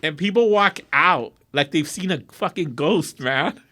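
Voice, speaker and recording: This guest artist, a middle-aged man from Southern California, has a slightly high voice and a measured pace. He's recounting a colorful, foul-mouthed story in a laid-back interview, mixing in Spanish phrases.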